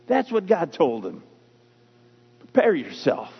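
High-voiced husky preacher in an echoing hall. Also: male voice, lively intonation. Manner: emphatic preaching with dramatic pauses and repetition. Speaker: pastor. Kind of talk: sermon. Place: church sanctuary. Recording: muffled lo-fi sound in a reverberant hall.

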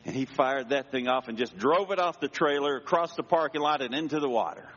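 A male pastor telling a personal story in a sermon, dramatic, dropping to a hush and rising again. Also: mid-range voice, a little fast, a little hiss or hum. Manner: dramatic, swings between hushed and raised voice. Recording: dull sound with long hall reverb.

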